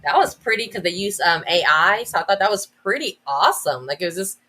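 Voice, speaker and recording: A woman's voice: fairly low pitch, lively intonation, brisk, pushed and bright, husky. A woman educator as a podcast guest, talking enthusiastically in a casual, rambling way with many restarts and "like" fillers.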